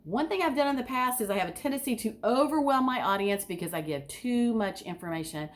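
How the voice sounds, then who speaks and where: Her voice is on the high side and fairly quick. She's a speaking coach delivering an instructional talk, putting direct questions to her listeners with enthusiasm that sometimes tips into over-excitement.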